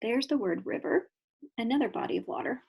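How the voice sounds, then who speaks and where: This woman teaching kindergarten has a gravelly, slightly rough voice pitched on the high side and a brisk pace. She reads a picture book in an animated, questioning storybook style, stopping to explain things to the class.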